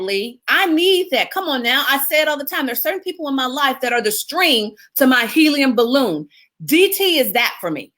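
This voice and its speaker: A woman with a slightly high voice hosts a casual live stream. She talks with a lively, expressive manner, laughs easily and chats with her viewers as she coaches them. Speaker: publicist hosting a live video.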